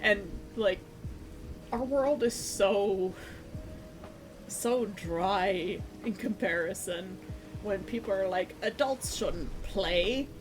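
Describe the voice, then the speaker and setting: A woman chats casually on a stream while she paints, telling a story with a lot of energy and laughter. She slips into little voices for the people in the story. Lo-fi music plays clearly underneath her voice. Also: medium pitch, takes it slowly, pauses often. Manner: animated, laughing, acts out quoted voices.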